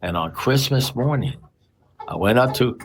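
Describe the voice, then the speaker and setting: A man's voice: medium pitch, lively intonation, moderate pace, slight background noise. A man telling his story at a recovery meeting, rambling and self-mocking with dry humor. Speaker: AA speaker sharing his story.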